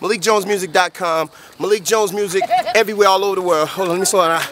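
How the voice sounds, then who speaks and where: A man's voice: sits high, fairly even intonation, fast, background noise. A man who raps and sings, joking around in slangy, rhyming banter on a music video set. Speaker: rapper and singer. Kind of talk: playful behind-the-scenes banter. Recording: roomy sound from a distant camera mic with music.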